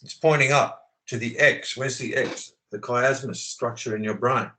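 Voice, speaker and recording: A man's voice: mid-range voice, moderate pace, sharp tone, poor audio. A man talking with passion on a video call, swearing often and preaching his views. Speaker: channel host. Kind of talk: impassioned conversational rant.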